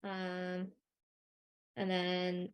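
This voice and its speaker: A young woman leading a live coding workshop, talking through her screen with many ums and pauses, her voice a little worn. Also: on the low side, monotone, clean tone. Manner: hesitant, many ums and sort ofs. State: losing her voice a bit. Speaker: workshop instructor.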